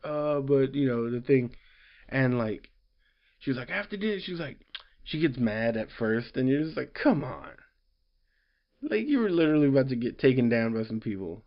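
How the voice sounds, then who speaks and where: Male vlogger, casual rambling recap voice, filler-heavy, average pitch, lo-fi muffled audio. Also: expressive, moderate pace. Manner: rambling, filler-heavy, quotes characters loosely. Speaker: comic book reviewer.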